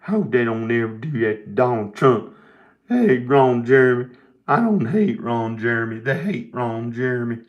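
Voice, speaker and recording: A man's voice: medium pitch, expressive, moderate pace, dull audio. A man talking to his camera in a loose, rambling monologue, drifting between thoughts and often breaking into giggles. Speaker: video maker. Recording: echoey room.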